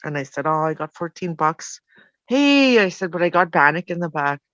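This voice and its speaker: A woman's voice: sits low, fairly even intonation, brisk, fairly bright tone, no echo. A middle-aged woman, frankly telling her life story in rambling speech full of "you know" fillers. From Canada. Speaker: storyteller guest. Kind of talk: personal storytelling. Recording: dull, dry lo-fi recording.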